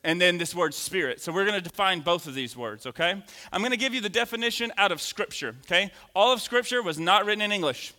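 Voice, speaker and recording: A man in his thirties preaching a lively sermon in a church, animated and joking with the congregation. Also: high voice, fast talker, few pauses. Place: church sanctuary. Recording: long hall reverb.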